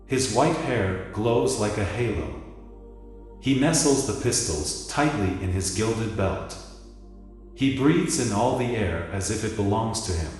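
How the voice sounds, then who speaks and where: A man narrating a story in a measured, theatrical reading. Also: on the low side, animated. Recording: echoey hall with music behind.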